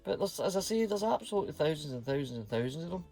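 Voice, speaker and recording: Scottish man, vlogger, chatty and slangy, voice sits a bit high. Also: big pitch swings, racing, vocal fry, a little mellow, faint music behind. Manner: chatty, sprinkles Scots slang words. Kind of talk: casual chat to camera.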